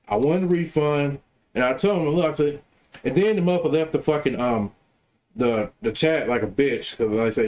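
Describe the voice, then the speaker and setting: Man caller, mid-pitch, ranting through a story with lots of swearing and repeats. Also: a little mellow. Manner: profane, repetitive, worked up. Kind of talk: casual storytelling rant.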